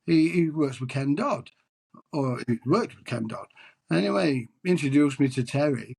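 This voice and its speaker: A man's voice: on the high side, expressive, moderate pace, gravelly, darkish tone, slightly rough. A man answering interview questions as a tribute singer, chatty and storytelling, often repeating words.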